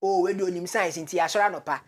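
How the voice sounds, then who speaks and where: A woman with a Ghanaian accent, a guest expert on a talk show, explaining step by step in a measured way with hesitant fillers between Twi and English. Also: fairly low pitch.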